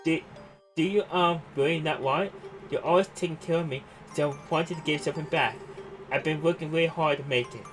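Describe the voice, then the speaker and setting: A sweet little sister who teases and then turns shy, as a man voices her reading a game aloud. The voice stays fairly high for a man, and music plays quietly behind. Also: brisk, lightly acted.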